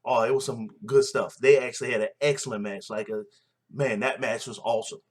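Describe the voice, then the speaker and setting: Casting: man, mid-pitched, opinionated recap vlogger, loose rambling delivery. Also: fairly even intonation, a little fast. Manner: blunt, opinionated, rambling with fillers. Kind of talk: casual show recap.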